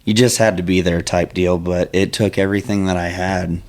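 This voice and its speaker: Male co-host, deep voice, relaxed, easy chat. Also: a little fast. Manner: laid-back, short agreeing replies. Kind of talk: casual chat.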